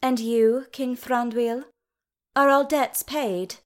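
A woman's voice: on the high side, steady tone, slow pace, voice pushed up. Lady doing a sly teasing dwarf queen, sweet and bouncy, takes her time. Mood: gently pointed.

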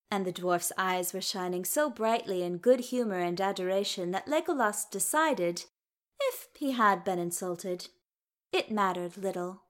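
Slow, calm woman reading a story. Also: medium pitch. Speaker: narrator. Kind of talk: reading fan fiction aloud.

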